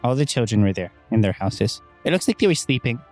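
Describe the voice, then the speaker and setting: A man's voice: medium pitch, sing-song, quick pace, darkish tone, faint music behind. A man acting as game master, narrating a tabletop game in a playful way.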